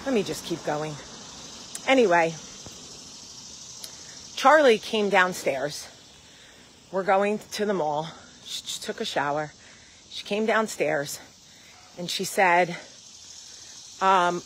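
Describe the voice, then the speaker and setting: A woman's voice: on the low side, measured pace, pauses often, slight background noise, rough recording. Candid woman in her forties telling a story. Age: 40s. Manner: candid, animated storytelling, acts out quoted dialogue. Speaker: host. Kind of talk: casual talk to camera.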